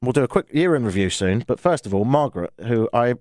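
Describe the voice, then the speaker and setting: A man's voice: medium pitch, expressive, fast, darkish tone, dry recording. An English man hosting a radio talk show from a studio, with dry, self-mocking banter. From England. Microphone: studio microphone.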